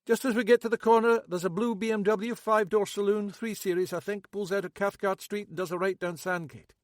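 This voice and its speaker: A man voicing an odd, blunt Scottish man with a sharp memory, talking raised and insistent as he rattles off details. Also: high voice, steady tone, brisk, no room sound, studio quality, voice pushed up, natural voice.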